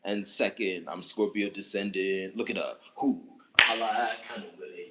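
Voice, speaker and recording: A man's voice: low voice, fairly even intonation, unhurried, pushed and bright. A man talking alone on a livestream in an emphatic, declarative way, repeating short phrases and breaking into rhythmic chants. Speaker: livestream commentator. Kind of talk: livestream monologue.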